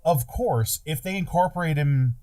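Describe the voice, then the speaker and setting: A man's voice: on the high side, moderate pace, mellow. Laughing, swearing man in casual podcast chat. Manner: laughs easily, swears freely, acts out jokes.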